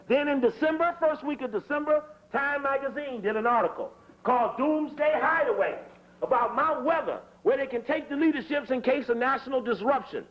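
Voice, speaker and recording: A man giving a fiery political lecture in a hurried, emphatic, profane way, repeating his phrases. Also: very high-pitched. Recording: dull lo-fi tape recording.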